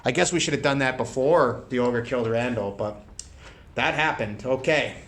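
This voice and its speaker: A man narrating a solo tabletop game, rolling dice aloud and breaking into shouted play-by-play. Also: mid-range voice, moderate pace.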